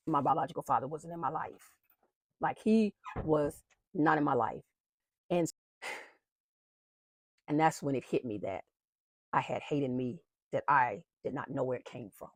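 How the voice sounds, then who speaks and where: A woman's voice: deep voice, dry recording, studio quality. A woman who founded an awareness movement, telling her own faith story to viewers in an earnest way. She repeats phrases for emphasis and calls her viewers "y'all.". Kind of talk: personal faith testimony to viewers.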